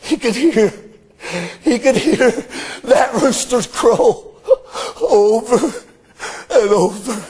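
A male preacher delivering an impassioned sermon, his voice breaking with emotion as he preaches in drawn-out bursts. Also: extremely high pitch, darkish tone, husky.

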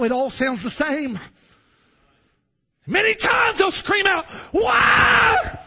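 High-pitched man preaching, goes from hushed to shouting, kinda husky and muffled. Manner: impassioned, swinging from hushed to shouting. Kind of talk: sermon. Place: church building. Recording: dull lo-fi sound.

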